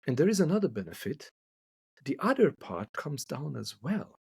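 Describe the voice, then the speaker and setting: A man's voice: on the high side, very animated, normal speed, vocal fry, darkish tone, breathy edge, no echo. A man from Hungary who speaks English as a second language, a couple therapist talking thoughtfully in a podcast interview and repeating words as he searches for them.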